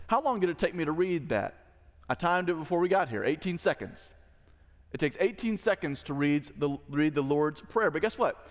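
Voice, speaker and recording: A man's voice: fairly high pitch, animated, fairly quick, big-room sound. A man preaching a sermon as pastor, talking conversationally and asking the congregation questions. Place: church sanctuary.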